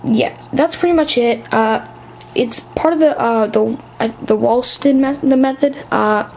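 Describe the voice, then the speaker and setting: Woman, casual hobby vlog, high-pitched, hesitant, rambling, faint background noise. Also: measured pace, a little mellow, poor audio. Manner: rambling, hesitant, many restarts. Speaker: aquarium hobby vlogger.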